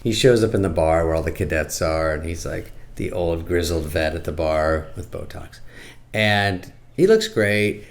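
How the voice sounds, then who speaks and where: Middle-aged male comic, deep voice, dry sarcastic delivery with sudden squeaky character bits. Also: moderate pace, vocal fry. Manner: deadpan, sarcastic, jumps into squeaky put-on voices. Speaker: comedian reviewing a movie. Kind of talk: casual comic monologue.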